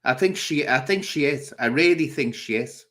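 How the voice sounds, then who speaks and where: A man's voice: medium pitch, animated, moderate pace, fairly bright tone. A man hosting a casual livestream, bluntly scolding and answering viewers' comments. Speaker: livestream host.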